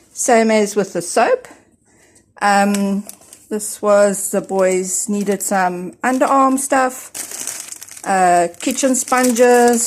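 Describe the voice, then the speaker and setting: A South African woman in her forties, chatting casually through a grocery haul from home, rambling with fillers and restarts and a little out of breath. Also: on the high side. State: slightly out of breath. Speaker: vlogger.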